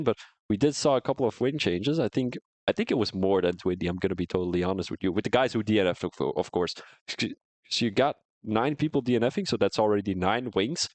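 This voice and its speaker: Chatty low-voiced man on a headset. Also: no room sound. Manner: chatty, rambling, answers viewers' chat comments. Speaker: sim racing league commentator and streamer. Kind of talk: casual post-race live-stream chat.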